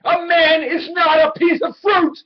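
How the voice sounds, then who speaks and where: An actor playing an aging, desperate traveling salesman in his sixties, pleading with his boss and swinging between quiet memories and angry outbursts. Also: fairly high pitch, expressive, normal speed, husky. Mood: pleading loudly. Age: 60s. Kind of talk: film drama acting. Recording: dull old film soundtrack.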